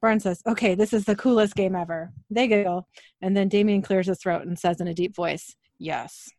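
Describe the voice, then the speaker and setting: A woman's voice: mid-range voice, fairly even intonation, darkish tone, dry recording. Woman recapping scenes in a dry room. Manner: narrates scenes briskly, laughs often. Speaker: podcast co-host recapping episodes. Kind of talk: casual recap with read-out dialogue.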